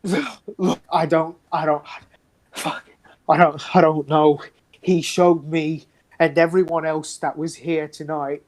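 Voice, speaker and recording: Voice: medium pitch, steady tone, slow pace, lightly acted. A game master voicing a stammering, frightened captive. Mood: frightened, desperate. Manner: stammering, broken, pleading. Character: terrified captive cultist, shaken, half mad.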